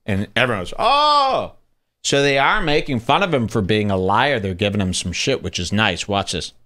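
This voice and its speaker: A man's voice: fairly low pitch, a little fast, a little hiss or hum. A man hosting a podcast, talking casually and sarcastically as he comments on video clips in a studio. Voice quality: sarcastic, animated storyteller. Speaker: podcast host. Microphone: studio microphone.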